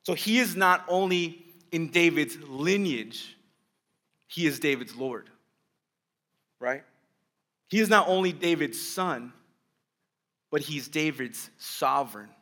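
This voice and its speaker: A man's voice: fairly high pitch, sharp tone. A male pastor preaching a sermon, explaining the text step by step and asking his listeners rhetorical questions.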